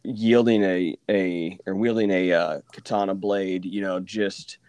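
A man from Oklahoma hosting a casual podcast chat, telling stories with lively asides and mimicking the people he quotes. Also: low voice, unhurried, no echo. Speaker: podcast host.

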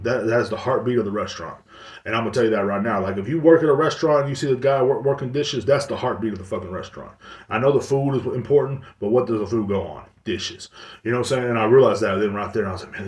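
A man's voice: fairly low pitch, a little mellow. A man hosting a podcast, telling a long story in a casual, rambling, profane way. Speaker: podcast host. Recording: roomy, distant mic.

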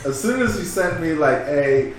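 A man's voice: on the high side, moderate pace. Guy cursing thru a story on a podcast, far from the mic, super echoey and noisy. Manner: profane, animated storytelling with quoted voices. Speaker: podcast co-host telling a story. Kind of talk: casual podcast chat. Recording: echoey room, distant mic, loud noise.

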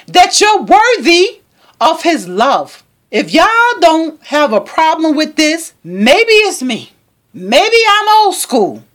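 A woman hosting a podcast, talking in a high, lively voice that swoops up and down. She rants passionately and preaches with sass, taking her time. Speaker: podcast host. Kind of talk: opinion commentary monologue.

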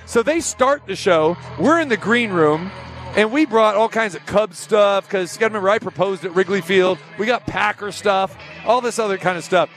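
A middle-aged man hosting a sports talk show, telling a rambling, animated story in casual chat. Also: high voice, moderate pace, faint music behind. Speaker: host.

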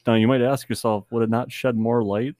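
A man's voice: mid-range voice, fairly even intonation, fairly quick, a little mellow, no room sound, studio quality. Joking man co-hosting a podcast. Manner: joking, rambling, laughs at himself. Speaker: podcast co-host. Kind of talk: casual podcast chat.

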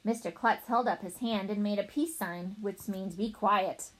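A woman narrating a children's storybook in a playful, animated way as a young boy narrator. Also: medium pitch, normal speed, poor audio. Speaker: audiobook narrator.

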